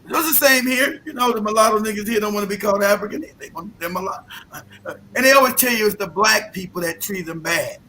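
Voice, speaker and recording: A man with a high, sharp and forceful voice, hosting a loose, profane rant. He mocks freely and breaks into laughter often. A faint hiss sits under his voice. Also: fast talker, low-quality recording. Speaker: podcast host. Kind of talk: casual rant.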